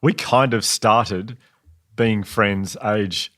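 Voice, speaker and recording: A man's voice: fairly low pitch, fairly even intonation, very slow, bright, forceful tone. A man, co-hosting a podcast in an earnest, reflective way. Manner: earnest, reflective, laughs often. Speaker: podcast co-host. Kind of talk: casual conversational podcast.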